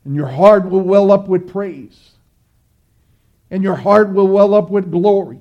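A man's voice: high voice, a little slow, highs cut off. A man preaching a sermon, earnest and exhorting, building through repeated phrases.

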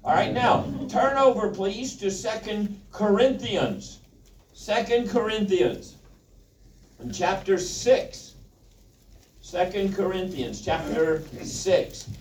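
A man's voice: high-pitched, expressive, takes it slowly, a little hiss or hum. A man preaching a Bible lesson, with a folksy, joking manner, asking the congregation questions. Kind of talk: sermon, Bible teaching. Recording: roomy, from a distance.

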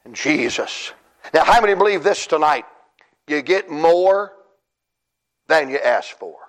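A middle-aged man preaching a fervent revival sermon in a church, his voice sitting on the high side. He shouts and cries out in surging bursts and mixes in folksy, self-mocking humor. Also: lively intonation, measured pace. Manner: shouting, crying out in rising bursts. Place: church conference service.

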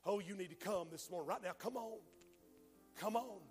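A man preaching a fiery sermon, dropping to a hush and then rising to shouts. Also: high voice, moderate pace, breathy edge, in a large hall, soft background music. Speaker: pastor. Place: church sanctuary.

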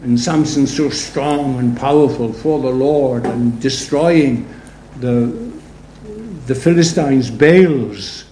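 A man's voice: mid-range voice, takes it slowly, mellow. A man preaching a sermon in a conversational, storytelling way, full of rhetorical asides. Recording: roomy echo, faint background noise.

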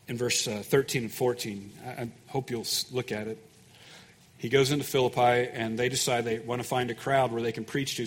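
Folksy preaching man in a reverberant church. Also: medium pitch. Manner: folksy preaching, swelling louder when reading scripture. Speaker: pastor. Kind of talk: sermon. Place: church sanctuary.

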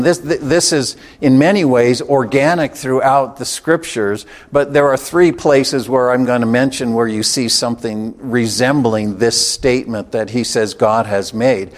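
Man preaching a measured sermon. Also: mid-range voice. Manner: measured, emphatic, slows on key phrases.

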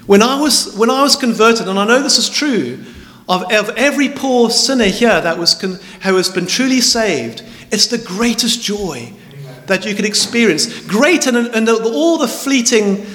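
A man's voice: extremely high pitch, fairly bright tone. A man preaching a sermon, emphatic and stressing words by repeating them. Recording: echoey hall with long reverb.

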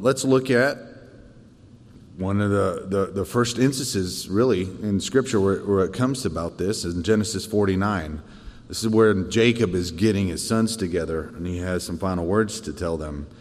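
A man teaching a church Bible lesson in a thoughtful way, often pausing on fillers and restarting. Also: sits low, a little mellow, big-room sound. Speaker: Sunday school teacher.

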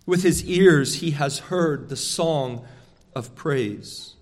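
A man's voice: on the high side, slow, long reverb tail. A man preaching a sermon as a pastor, earnest and emphatic, often restarting his phrases as he drives a point home.

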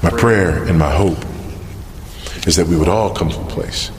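A man preaching a sermon, earnest and searching, asking pointed questions with pauses for emphasis. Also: low voice, slight background noise. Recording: long hall reverb.

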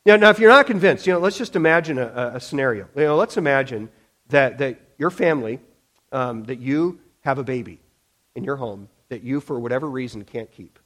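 A man's voice: medium pitch, expressive, fairly quick, a bit bright. A man preaching a sermon, speaking emphatically with frequent restarts and acting out quotes. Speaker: pastor.

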